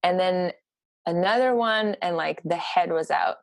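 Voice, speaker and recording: Dry, low-voiced woman telling a story. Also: gravelly, no room sound. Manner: animated, halting, many fillers. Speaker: podcast guest. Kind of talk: casual storytelling.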